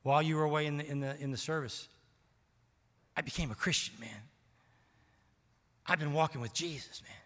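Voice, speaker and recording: An older man voicing a tough young male friend who has just become a Christian and keeps insisting, loud and slangy. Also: fairly high pitch, a little fast, long pauses, long reverb tail, natural voice. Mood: excited insistent.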